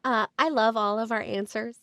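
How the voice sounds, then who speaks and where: A woman's voice: fairly high pitch, steady tone, moderate pace, a bit bright, no echo. A woman hosting a podcast in casual chat, upbeat and encouraging, with lots of fillers. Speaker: podcast host.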